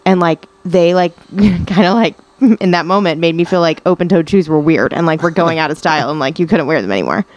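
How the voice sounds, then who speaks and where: A young woman teacher in casual podcast chat. Her voice sits low for a woman. She talks hesitantly and fills her sentences with filler words. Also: brisk, hardly any pauses, darkish tone, no room sound, muffled recording.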